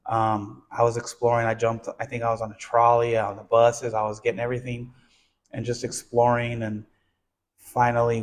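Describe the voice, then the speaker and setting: A man who founded a nonprofit tells his childhood story in a casual, earnest interview. He talks conversationally, with many restarts and "you know"s. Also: mid-range voice. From United States (born in Texas, raised in southern California).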